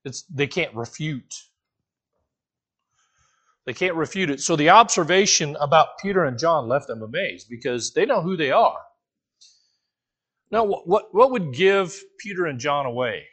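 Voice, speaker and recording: A man, teaching a Bible passage to his congregation in a casual, animated sermon, asking the listeners questions and joking as he goes. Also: a little high, a little slow, pauses often, breathy edge. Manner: casual, animated, asks the listeners questions, jokes, restarts often. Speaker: pastor teaching a Bible study. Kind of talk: conversational sermon.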